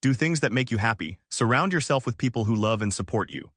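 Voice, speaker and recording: Male reader as a gentle, weary middle-aged father, dry close sound. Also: medium pitch, expressive, fast, breathy edge, dry recording. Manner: soft and careful.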